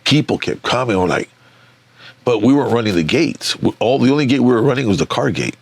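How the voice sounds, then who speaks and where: A man's voice: medium pitch, lively intonation, brisk, a little mellow, no room sound. A middle-aged man, a magazine founder, telling stories in a casual, profane interview, repeating words and acting out quotes. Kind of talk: casual storytelling.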